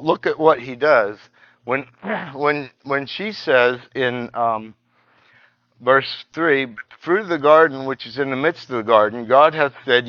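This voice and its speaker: A man teaching a Bible study lesson, halting and restarting often and reading scripture passages aloud. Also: mid-range voice, no echo, highs cut off.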